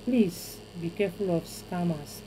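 A woman's voice: lowish voice, expressive, mellow, slight background noise, poor audio. A woman with a Nigerian accent teaching a spiritual ritual step by step, repeating phrases and chanting invocations. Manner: chanting invocations, deliberate repetition.

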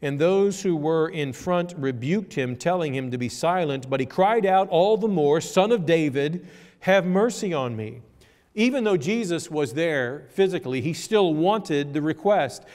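A man's voice: a little high, expressive, darkish tone. Preaching man in a reverberant church. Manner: dramatic pauses, builds to emphatic repeated lines. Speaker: pastor. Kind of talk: sermon. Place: church sanctuary.

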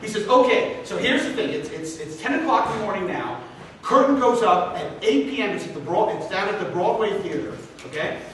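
A man teaching a master class, telling a long joke in an animated, joking way. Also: high voice, brisk, a little hiss or hum. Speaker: guest instructor. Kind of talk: storytelling and lecture. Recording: echoey room, distant mic.

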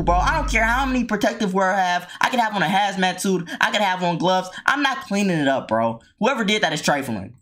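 A man hosting a reaction video, talking casually and joking with loud exclamations. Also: high-pitched, normal speed, few pauses, faint music behind. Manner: animated, exclaiming and joking, with frequent laughs.

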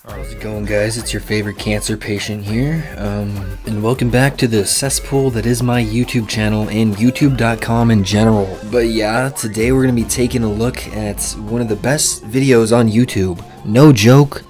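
Excitable, crude young man. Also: on the low side, moderate pace, few pauses, faint music behind. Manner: excitable, crude, jokey, swears often. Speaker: YouTube commentary creator. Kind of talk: casual reaction commentary.

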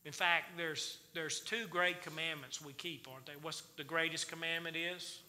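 Bright folksy preacher man. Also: a little high, fairly even intonation, moderate pace. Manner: folksy, quizzes the congregation with questions. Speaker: church teacher. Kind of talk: Wednesday night Bible study sermon. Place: church sanctuary. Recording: reverberant church hall.

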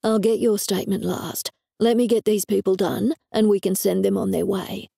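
A woman's voice: medium pitch, fairly even intonation, normal speed, creaky, dark tone, husky, no room sound, clean studio sound. A woman narrator voicing a tired, businesslike male police detective. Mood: matter-of-fact. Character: weary male police detective, matter-of-fact.

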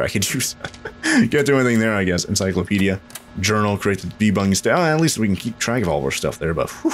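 A young man casually commenting as he plays a video game, chatty and excitable, jumping high in pitch when startled. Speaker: gaming channel host. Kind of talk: casual let's play commentary.

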